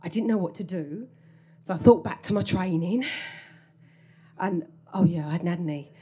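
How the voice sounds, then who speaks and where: A woman's voice: lowish voice, normal speed, warm tone, slightly rough. A woman telling a comic story from her own life on stage, wry and self-mocking, often laughing through her lines.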